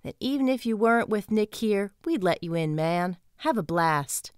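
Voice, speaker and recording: A woman's voice: mid-range voice, animated, moderate pace, smooth, no room sound, studio quality, pitched above the performer's own voice, natural voice. A woman voicing a friendly, burly male bouncer in his twenties with a US Southern accent and an easygoing, drawling way of bantering.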